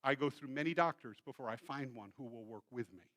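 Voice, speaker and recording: A man, a pastor, preaching a sermon in a church and telling a story in an animated way. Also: medium pitch, quick pace. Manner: storytelling, acts out quoted voices. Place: church sanctuary.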